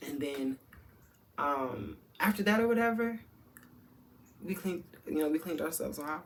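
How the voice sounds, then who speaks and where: A man's voice: on the high side, expressive, unhurried, a little hiss or hum. Sassy campy man telling a story. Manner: campy, sassy, full of slang and frank talk to the audience. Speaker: storytime vlogger. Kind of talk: candid storytime chat.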